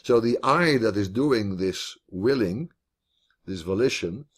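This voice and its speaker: A man's voice: on the low side, lively intonation, slow pace. A man teaching philosophy online in a video call, thinking aloud as he explains, with restarts and repeated words.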